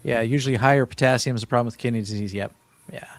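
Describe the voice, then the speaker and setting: A man's voice: medium pitch, racing, no echo. A man in his fifties, a guest in an interview, telling his story in an earnest, rambling way with many restarts. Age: 50s. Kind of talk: casual interview talk.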